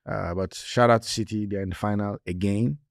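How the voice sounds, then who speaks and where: Man, podcast co-host, emphatic casual football talk, lowish voice, dry close mic. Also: steady tone, fairly quick, vocal fry, no echo. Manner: conversational, emphatic, repeats points.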